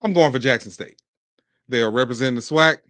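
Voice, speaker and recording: Animated man from Mississippi, dry close sound. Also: mid-range voice, brisk, no echo. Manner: animated, talks in bursts with restarts. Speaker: podcast host. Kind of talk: casual commentary.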